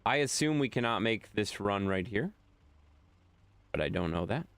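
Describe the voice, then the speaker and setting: Young male streamer, casual live chat, playful repeats, lively up-and-down pitch. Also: normal speed, no echo. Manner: reads chat aloud and answers it, joking and repeating himself. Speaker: game streamer. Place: home room with a green screen.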